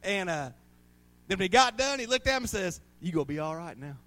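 A man's voice: sits high, sing-song, a little fast. A man, preaching a sermon as pastor, telling folksy stories and laughing often. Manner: folksy storytelling, laughing often, rising to loud bursts.

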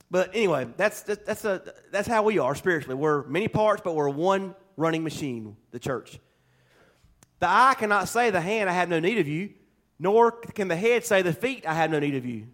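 A man's voice: high-pitched, fairly bright tone. A male pastor giving a folksy, conversational sermon at a church service, full of homespun jokes and chatty asides.

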